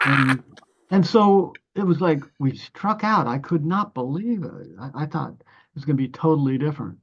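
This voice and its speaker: Over a noisy background and lo-fi sound, an older man from Ohio speaks at normal speed in a slightly high voice with lively intonation. As a musician guest, he tells rambling stories full of restarts and fillers, acting out what others said.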